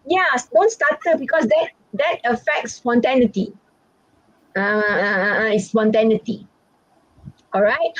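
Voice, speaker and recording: A woman with a Malaysian English accent, giving an exam-preparation English lesson in a chatty, animated way and often checking in with "all right?". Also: sits high, no echo. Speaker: English teacher and exam examiner. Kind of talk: online exam-prep lesson. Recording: dry, muffled, lo-fi audio.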